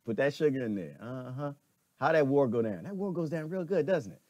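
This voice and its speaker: Animated man preaching his opinions. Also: medium pitch, a little fast, no echo. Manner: preachy, wry, acts out voices. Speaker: commentator.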